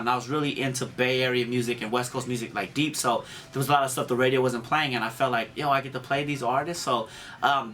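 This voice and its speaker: A man's voice: medium pitch, bright, forceful tone, a little hiss or hum. A man, a radio DJ, telling stories in a casual interview with laid-back street slang.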